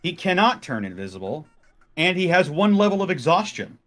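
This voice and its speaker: A man's voice: fairly high pitch, sing-song, brisk, fairly bright tone, soft background music. A man playing a character in a tabletop game, casually declaring his actions and dice rolls. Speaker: player.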